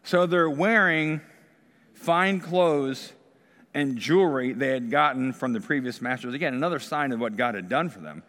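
A man preaching a sermon, retelling the story with animated emphasis and briefly acting out the people's voices. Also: medium pitch, moderate pace. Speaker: pastor. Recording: reverberant hall.

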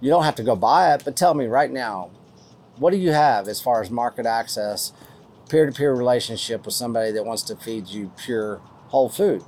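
A man's voice: medium pitch, normal speed, darkish tone, slight background noise. A man with a West Texas accent hosting a podcast, chatting in a folksy, rambling way and thanking listeners for donations. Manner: folksy, rambling, uses lots of fillers. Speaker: podcast host. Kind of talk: casual podcast chat reading listener donations.

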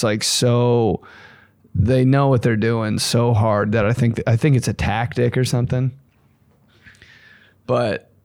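A young man hosting a podcast, riffing in a casual comedic monologue with crude jokes and sudden shrill put-on voices. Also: no echo, clean studio sound. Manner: animated, crude, puts on shrill voices for bits. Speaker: podcast host.

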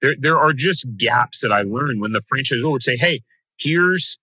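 A man talking as a guest in a podcast interview, coaching franchise owners with an energetic, emphatic motivational delivery. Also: mid-range voice, fairly quick, breathy edge, no echo, low-quality recording.

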